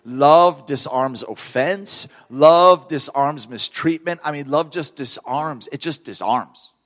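Fervent, animated preacher man. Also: on the high side, takes it slowly. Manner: fervent and animated, laughing between points. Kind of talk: sermon storytelling.

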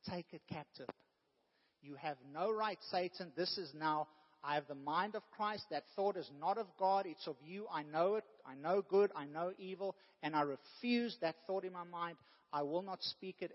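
An earnest male preacher with a fairly high voice who pushes into emphatic bursts as he makes his points. The sound is dull and muffled, with a long reverb trailing off the walls of a church hall. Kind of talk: sermon.

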